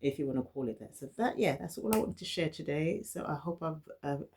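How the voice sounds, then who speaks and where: A woman's voice: deep voice, animated, a little fast, a little mellow, slightly rough. A woman from London with a London accent talks candidly to camera in a personal vlog. She stutters, often repeats words and restarts her phrases, and speaks in an earnest, encouraging way. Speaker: vlogger. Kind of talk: personal reflective talk to camera.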